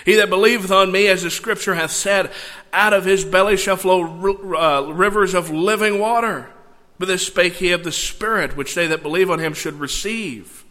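Man, pastor, sermon, animated asides, fairly high voice, bright tone, long church-hall reverb. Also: moderate pace. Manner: animated, conversational asides between readings. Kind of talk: sermon with scripture reading. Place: church sanctuary.

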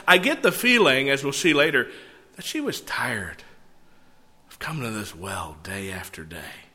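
A man preaching a sermon, reading scripture and breaking into animated, conversational asides. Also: medium pitch, a little slow. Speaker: pastor. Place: church sanctuary. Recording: long church hall reverb.

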